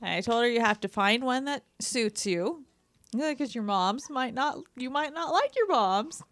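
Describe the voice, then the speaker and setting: A woman's voice: on the high side, animated, moderate pace, fairly bright tone, no echo. A woman chatting frankly about her own experience as a mother, laughing as she talks. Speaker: mother joining the chat. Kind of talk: casual chat.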